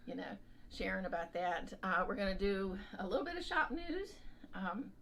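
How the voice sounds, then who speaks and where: A woman co-hosting a casual crafting chat, bubbly and quick to laugh. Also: medium pitch, very animated, creaky, a bit bright, a little hiss or hum. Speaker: co-host.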